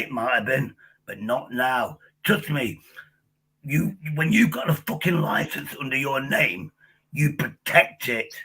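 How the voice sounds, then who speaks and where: A man's voice: mid-range voice, bright, forceful tone, husky, poor audio. A man hosting a livestream, angrily swearing and interrupting in a heated argument, losing his voice. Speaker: livestream host.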